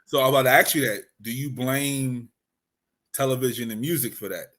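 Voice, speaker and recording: Relaxed man co-hosting a podcast. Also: medium pitch, fairly quick. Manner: relaxed, explains and asks questions. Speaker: podcast co-host. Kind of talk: casual chat.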